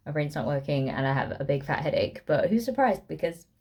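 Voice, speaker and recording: A tired young woman losing her voice, chatting in a rambling, excitable way while lying in bed. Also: sits low, fairly quick. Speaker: book vlogger. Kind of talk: casual chatty vlog.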